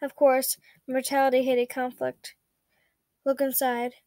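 A woman reading a story aloud at a steady pace, with small slips and self-corrections. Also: high voice, a little slow, no room sound. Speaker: fanfiction reader.

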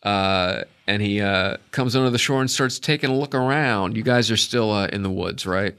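A man narrates a tabletop adventure as game master. His voice is low-set but bright and forceful, and he wanders through his sentences with lots of fillers. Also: moderate pace, clean tone. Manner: rambling, full of uh fillers.

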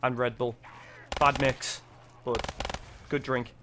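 A young man, giving excitable, sweary gameplay commentary, yelping when startled. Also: medium pitch, takes it slowly, background noise. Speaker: gaming video creator.

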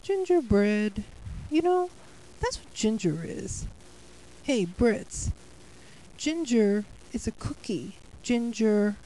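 A woman voicing an easygoing male cartoon cat in a fan-made cartoon, talking in a rambling, halting way. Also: on the high side, expressive, warm tone, low-quality recording.

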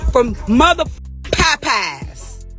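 A high-voiced middle-aged woman going off in a profane, heated livestream rant from her car. She taunts and trash-talks, sometimes sliding into a mocking sing-song, with faint music playing behind her. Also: big pitch swings, very slow, fairly bright tone. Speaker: social media personality.

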